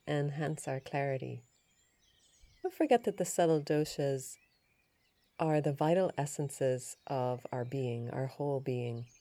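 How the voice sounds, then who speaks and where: A woman hosting a yoga and Ayurveda podcast, telling a story in a chatty, animated way. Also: deep voice, dry recording. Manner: chatty, animated retelling with laughs and restarts.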